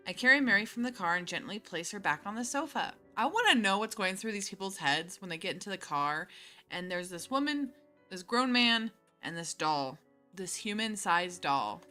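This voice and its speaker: A woman's voice: medium pitch, animated, moderate pace, sharp tone, soft background music. A woman streamer casually reading and chatting through a story game, laughing often. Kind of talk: casual let's-play commentary and reading.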